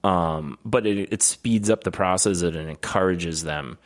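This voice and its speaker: A man co-hosting a podcast in casual chat, rambling and profane, with animated storytelling. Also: deep voice, measured pace. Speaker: podcast co-host.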